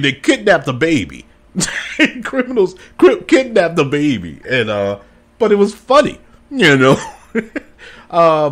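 A man hosting a solo podcast, rambling and enthusiastic, laughing often as he talks. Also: medium pitch. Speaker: podcast host. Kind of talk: casual solo podcast chat.

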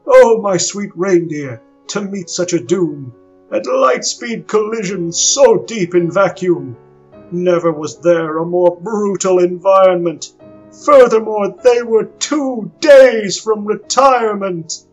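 A man's voice: high-pitched, slow pace, pitched above the performer's own voice. A man voicing a jolly old Santa who laments melodramatically over his reindeer. The recording is dull and lo-fi, with faint guitar behind. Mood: lamenting.

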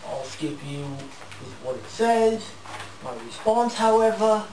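A man's voice: high-pitched, animated, slow pace, darkish tone, far from the mic, slight background noise. Blustery man ranting from across a roomy space. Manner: blustery, mock-indignant, with fake foreign gibberish. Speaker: parody show host. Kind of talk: comedic ranting monologue.

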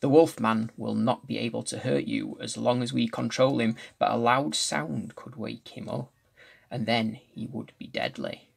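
A man reading as a hushed circus lady. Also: mid-range voice, unhurried, vocal fry. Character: circus woman with a foreign accent, calm and controlling. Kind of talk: reading a novel aloud.

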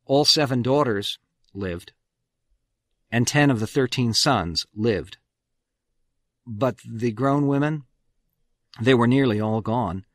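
Male radio host narrating history in a dry studio booth, mid-pitched, leaning hard into key words. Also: slow, long pauses, no room sound. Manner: emphatic storyteller, swings loud on key words.

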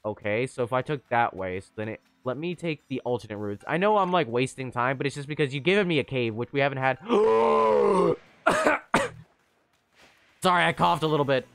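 Excitable man streaming gameplay. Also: fast talker, hardly any pauses, clean tone, dry recording. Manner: excitable, chatty, sudden high squeals. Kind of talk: live gameplay commentary.

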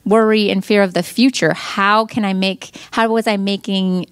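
A middle-aged woman recounts a personal testimonial as a mother, in an earnest and halting way that doubles back and restarts its sentences. Her voice sits at an ordinary middle pitch for a woman. The recording is dry, with no room echo. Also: fairly even intonation, clear, resonant tone.

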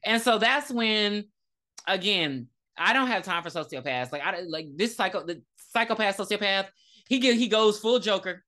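A woman co-hosting a podcast, recapping a movie in casual, profane, animated storytelling. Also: mid-range voice, normal speed. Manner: animated, profane storytelling with dramatic quoted lines. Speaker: podcast co-host. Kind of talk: casual movie review chat.

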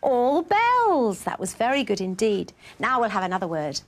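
A woman presenting a children's programme, reading a story aloud and coaxing children with questions in an animated way. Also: mid-range voice, a little fast. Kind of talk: storytelling and quiz game for children.

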